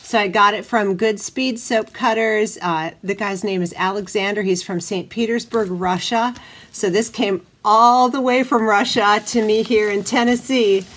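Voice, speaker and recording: A woman hosting a casual unboxing vlog, gushing to her viewers in an excitable way. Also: medium pitch, unhurried. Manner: gushing, excitable, talks to viewers as "you guys". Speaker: soap maker and channel host.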